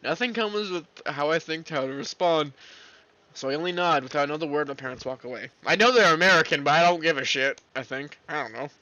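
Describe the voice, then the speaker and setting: A hoarse man from Canada, streaming while reading a visual novel aloud, casual, joking and swearing. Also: on the high side, brisk, sharp tone. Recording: dull lo-fi.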